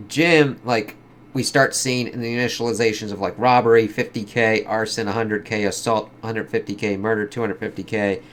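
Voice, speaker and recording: A man's voice: fairly low pitch, fairly bright tone. A man giving a casual comic book review, swearing a lot and filling his talk with "kind of" and "like.". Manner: casual, heavy swearing, lots of fillers like "kind of".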